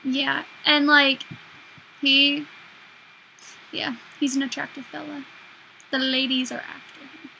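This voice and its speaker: A woman with a high, bright voice jumps into casual conversation with blunt remarks and playful teasing. Her tone stays sharp and forward over a faint hiss in the recording. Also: flat delivery, takes it slowly, vocal fry, pauses often, poor audio. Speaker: vlog co-host. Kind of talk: casual chat.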